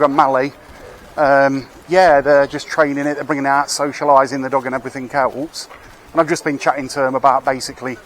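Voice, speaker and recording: A man's voice: on the high side, a little hiss or hum. A man giving casual, rambling commentary while walking outdoors through town streets, wry and swearing now and then, recorded on a camera he carries. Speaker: street vlogger.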